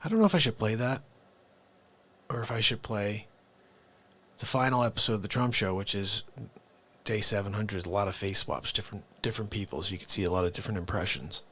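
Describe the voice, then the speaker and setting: A man's voice: fairly low pitch, brisk, fairly bright tone, a little hiss or hum. A man hosting an unscripted live stream, rambling chattily and addressing his viewers directly.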